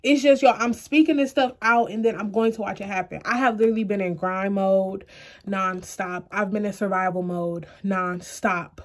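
A woman's voice: medium pitch, fairly even intonation, moderate pace. A young woman vlogging to camera, earnest and close to tears, talking straight to her viewers. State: close to tears, eyes puffy. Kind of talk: emotional personal vlog to camera.

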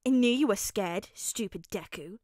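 A woman voicing a de-aged little boy who is grumpy and bossy, in a gruff, scolding fanfic audiobook reading. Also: a little high, normal speed, fairly bright tone, dry recording, clean studio sound, lightly acted.

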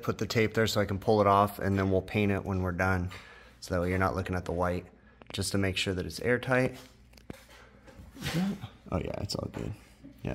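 A man hosting a casual DIY vlog, explaining his HVAC work step by step in a relaxed way with plenty of ums and uhs. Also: on the low side. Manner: relaxed, explanatory, many fillers like um and uh. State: out of breath. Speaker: HVAC technician and channel host.

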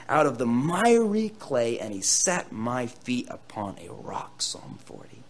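A man preaching a sermon, reading scripture dramatically and swinging between loud bursts and quieter asides to his listeners. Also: mid-range voice, very animated, measured pace, few pauses, slight background noise. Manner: playful asides to the audience. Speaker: pastor.

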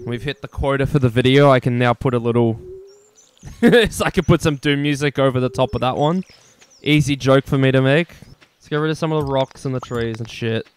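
A man's voice: medium pitch, fairly quick, slight background noise. Swearing, joking Australian gaming vlogger man. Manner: rambling, self-mocking, profane, jokey. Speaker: gaming YouTuber. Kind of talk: casual gameplay commentary.

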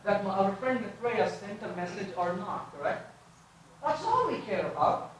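A man giving a lively live technical talk, asking his audience question after question as he codes on stage. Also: high-pitched, moderate pace, a little hiss or hum. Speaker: conference speaker. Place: large conference hall. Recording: echoey hall from far off.

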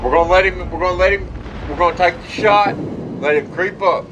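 A man giving excitable, profane, trash-talking commentary over his own gameplay. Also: high voice, fairly quick, far from the mic, dull audio, noisy background.

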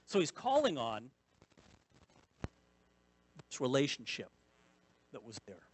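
A man's voice: high voice, wildly swooping pitch, unhurried, pauses often, a bit bright. A man preaching a sermon as pastor, bursting into emphasis and repeating key phrases. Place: church sanctuary.

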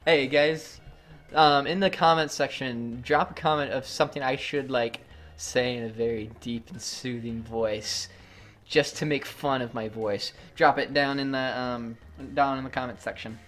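A male streamer chatting to his viewers during a party game. He talks slowly and lazily, with easy chuckles. His voice sits at an ordinary middle pitch. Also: steady tone, a bit bright. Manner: laid-back, chuckling, talks to chat. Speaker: streamer host. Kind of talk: casual game stream chat.

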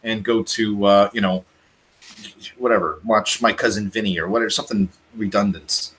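A man from Canada talking in a casual prepping chat, animated and emphatic, often repeating words. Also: on the low side, normal speed, rough recording. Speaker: guest on a prepping livestream.

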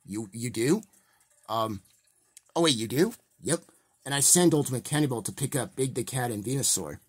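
A man's voice: mid-range voice, lively intonation, normal speed, slightly rough. A man voicing a cheerful male mayor toy in a fan toy play, casual and upbeat as he announces news.

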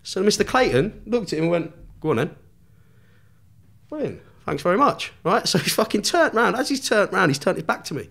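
A man's voice: sits high, very animated, fast talker, gravelly, few pauses, a bit bright. A man telling a long story as a podcast guest, swearing constantly and laughing as he goes. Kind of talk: storytelling in casual chat.

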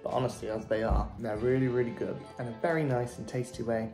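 A man's voice: mid-range voice, steady tone, quick pace, music in the background. A man chatting casually and cheerfully through a cooking vlog, poking fun at himself. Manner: chatty, upbeat, self-deprecating. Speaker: vlogger.

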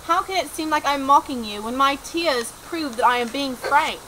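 A woman's voice: high voice, animated, normal speed, sharp tone, a little hiss or hum, low-quality recording. A woman playing a pleading, lovesick young male wizard. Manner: pleading, dramatic declarations.

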